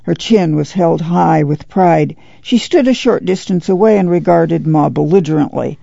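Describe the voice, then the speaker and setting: A narrator reading a novel aloud in a measured storytelling manner. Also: medium pitch, gravelly, warm tone, dry recording, highs cut off. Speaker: audiobook narrator. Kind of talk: scripted narration.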